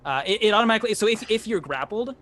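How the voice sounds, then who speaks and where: A man narrating as game master of a live tabletop game, animated and swearing freely, with many restarts. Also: sits high, very fast.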